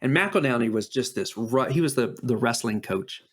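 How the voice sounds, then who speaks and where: Animated man telling a story. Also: medium pitch, moderate pace. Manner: animated storyteller with frequent fillers and restarts. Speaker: podcast co-host. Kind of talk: casual chat and storytelling.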